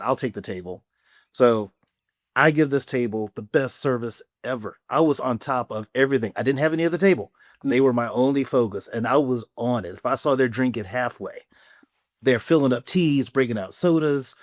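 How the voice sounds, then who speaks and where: Lively podcast co-host telling stories. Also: male voice, medium pitch, no room sound, studio quality. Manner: animated storyteller, laughs often. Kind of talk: casual chat.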